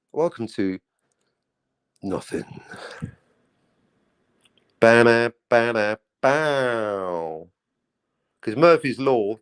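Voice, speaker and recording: Recorded dry, this mid-range male voice belongs to a podcast co-host trading jokes in a relaxed chat. He keeps things lively and playful, riffing in a comic monologue to fill the time.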